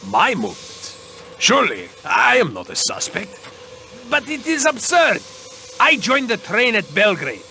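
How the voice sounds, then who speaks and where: A proud, easily offended doctor in a mystery video game. He sits high and bright in his voice and swings widely in pitch whenever he protests, sounding sure that suspicion of him is absurd. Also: huge pitch swings, a little slow, vocal fry, slight background noise, exaggerated voice. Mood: indignant. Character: indignant male doctor, proud of expertise. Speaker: train doctor being questioned.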